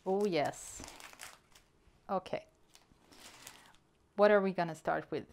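Woman vlogger chatting slow and excited, faint hiss behind. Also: fairly low pitch, creaky. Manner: chatty and excitable, counting items aloud. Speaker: hobby vlogger. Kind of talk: casual unboxing chat.

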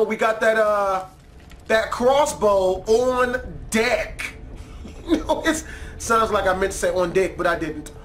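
A man giving profane, excitable let's play commentary, trash-talking the game and yelling suddenly. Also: high voice, slight background noise. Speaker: gamer.

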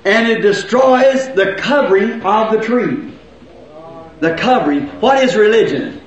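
A man preaching a folksy sermon, swinging between loud shouts and low asides. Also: big pitch swings, measured pace. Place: church. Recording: echoey, muffled old church recording.

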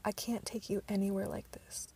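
A woman voicing a young male vampire, intense and protective, in a soft hushed delivery in an audiobook reading. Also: mid-range voice, level tone, moderate pace, creaky.

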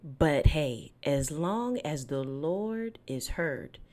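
A woman hosting a Christian podcast, chatting casually and then praying aloud in a hushed, devout way, recorded at her home desk late at night. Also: low voice, drawn-out words. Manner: relaxed and chatty, turning hushed and devout in prayer. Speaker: podcast host. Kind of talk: casual faith podcast chat with spoken prayer.

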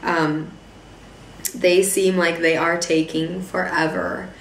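Hoarse, chatty woman. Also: fairly low pitch, level tone, slow pace. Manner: chatty, rambling, many fillers and restarts. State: hoarse from losing her voice. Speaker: podcast host. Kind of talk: casual chat. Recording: echoey room, voice a bit distant, faint noise.

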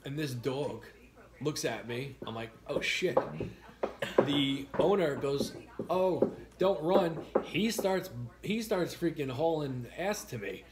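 A man's voice: medium pitch, measured pace, noisy background. Chatty man telling stories on a livestream. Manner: animated storyteller, acts out quotes loudly. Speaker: livestream host. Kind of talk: casual chat reading viewer comments.

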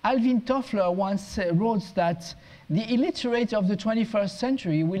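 A man's voice: high voice, moderate pace, a little mellow, low-quality recording. A man, an education consultant, giving a conference talk, telling humorous anecdotes with small restarts along the way. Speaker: guest speaker, education consultant.

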